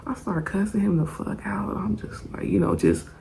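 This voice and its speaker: A young woman telling a story in a casual storytime vlog, animated and profane, laughing often. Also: mid-range voice, normal speed, vocal fry, whispered.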